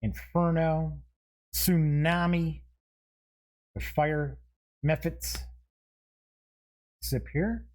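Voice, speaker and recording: Slow-talking man with a higher voice. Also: steady tone, a little mellow. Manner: reads card names aloud one by one with short asides; chuckles at himself. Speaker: show host. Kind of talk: casual unboxing commentary.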